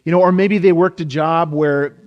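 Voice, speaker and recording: A man's voice: a little high, steady tone, normal speed, big-room sound, muffled recording. A man in his thirties, a pastor giving an informal, rambling sermon with frequent restarts.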